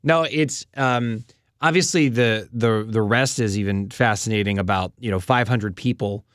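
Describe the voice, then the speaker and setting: A man in casual conversation who talks haltingly, with many restarts and fillers. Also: on the low side, no echo, studio quality. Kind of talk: casual faith discussion.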